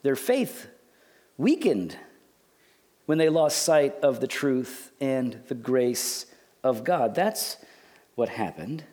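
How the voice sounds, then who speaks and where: A man in his forties preaching a sermon as a pastor, conversational and jokey, swinging from loud outbursts to hushed, near-whispered lines. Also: medium pitch, very animated, slow pace, long pauses.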